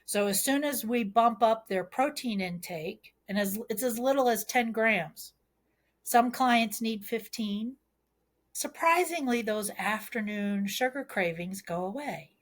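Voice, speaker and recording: A woman's voice: on the high side, measured pace. A woman midwife talking in a podcast interview, explaining earnestly with homely analogies and pleading advice.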